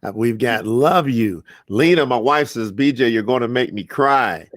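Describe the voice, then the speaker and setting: A man's voice: medium pitch, moderate pace, crowd noise. A man hosting a live-streamed interview, enthusiastic and motivational, reading viewer comments aloud. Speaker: host.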